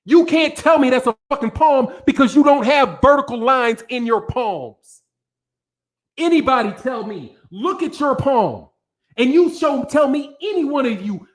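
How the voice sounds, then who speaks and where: A man hosting a boxing channel, ranting angrily to a live audience in heavy profanity and repeating himself. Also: very high voice. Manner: angry, profane, repetitive.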